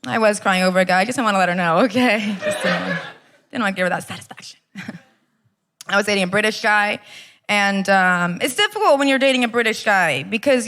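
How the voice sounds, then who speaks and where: A woman's voice: medium pitch, animated, a little fast, bright, forceful tone. A young American woman performing a brash stand-up set, swearing and teasing the crowd at a comedy club. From Los Angeles area, US. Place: comedy club stage with live audience.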